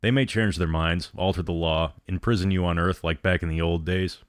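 Man doing a firm captain, quiet compassion, low voice, dry sound. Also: steady tone, fairly quick, smooth, no echo, lightly acted.

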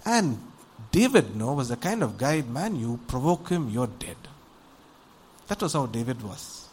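In a mid-range, slightly rough voice and at a measured pace, a man delivers a sermon. He recounts a Bible story conversationally, performs the characters' voices in animated fashion, and keeps posing rhetorical questions to the audience.

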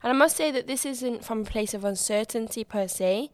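A young woman runs her own podcast in a chatty, bubbly style, restarting her sentences as she goes. Her voice is loud and high-pitched and jumps up further when she gets excited. The sound is close and dry, with no room echo. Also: a little fast. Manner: bubbly and chatty, with frequent restarts and acted-out quotes. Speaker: podcast host. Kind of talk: casual solo podcast chat.

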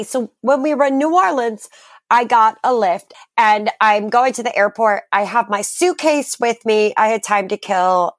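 A woman's voice: medium pitch, dry recording, studio quality. A young woman co-hosting a podcast, telling a story in casual, profane chat. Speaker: podcast co-host.

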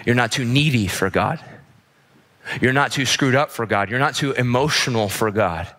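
Male pastor, impassioned sermon with repeated lines, bright tone, long church echo. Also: medium pitch, moderate pace. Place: church service.

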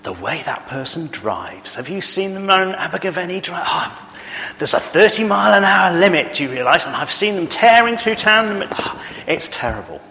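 A man's voice: high voice, big pitch swings, normal speed, vocal fry, sharp tone, in a large hall, a little hiss or hum, pitched above the performer's own voice, heavily acted. A man voicing a fussy, gossiping neighbour who disapproves of everyone. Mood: disapproving. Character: gossiping, judgemental grown-up neighbour.

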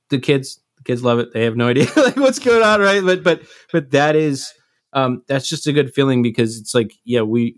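A man's voice: medium pitch, no room sound, studio quality. A man co-hosting a casual podcast, talking in an earnest, reflective way with some loose swearing. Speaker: podcast co-host, live sound engineer. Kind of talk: casual chat.

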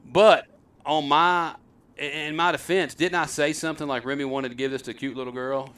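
A man's voice: fairly high pitch, fairly even intonation, moderate pace, fairly bright tone, clear, resonant tone, distant mic. A middle-aged man, hosting a show and telling stories in a rambling, self-deprecating, folksy way. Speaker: host. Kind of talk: casual storytelling chat.

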